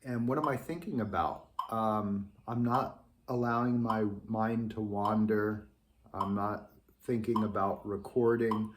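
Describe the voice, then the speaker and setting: A man teaching a trombone lesson, speaking thoughtfully with many pauses and ums. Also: on the low side, fairly even intonation, a little hiss or hum. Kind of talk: instructional lesson.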